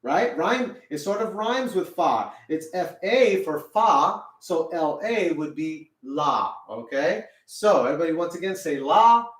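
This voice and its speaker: Male music teacher, lively pitch, recorded a bit off-mic in a roomy room. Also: unhurried, few pauses, distant mic. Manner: patient, repeats "okay?" after each point; sings solfege syllables in a high voice. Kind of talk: children's music lesson. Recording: roomy sound, a little off-mic.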